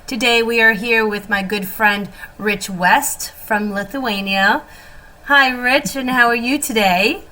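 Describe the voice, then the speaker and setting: A woman's voice: a little high, slow pace, pushed and bright, rough recording. A woman co-hosting an interview, reading a formal disclaimer and chatting with her guest. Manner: scripted, formal disclaimer delivery. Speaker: channel co-host.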